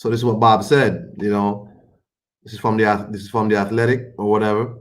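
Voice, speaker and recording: Low-voiced man rambling about boxing. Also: little pitch movement, a little fast. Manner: rambling, colloquial, loose and conversational. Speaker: boxing commentary streamer. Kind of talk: casual commentary on a livestream.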